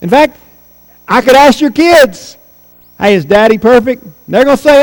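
A man's voice: very high-pitched, animated, moderate pace, big-room sound, poor audio. A man in his forties preaching a sermon as pastor, earnest and emphatic, repeating key phrases. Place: church sanctuary.

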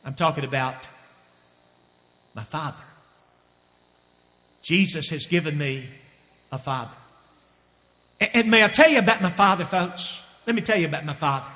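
A man preaching a sermon with passion, often repeating phrases and dropping to a hush before rising again. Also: on the high side, expressive, fast talker, hardly any pauses. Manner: impassioned, repeating phrases, swings from loud to hushed. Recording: long hall reverb.

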